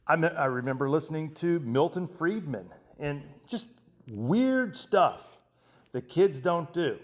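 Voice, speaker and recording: Male host in his fifties, emphatic monologue, fairly high pitched, stumbles and restarts. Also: very animated, unhurried. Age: 50s. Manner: impassioned, emphatic, restarts often. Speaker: show host. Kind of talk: monologue commentary.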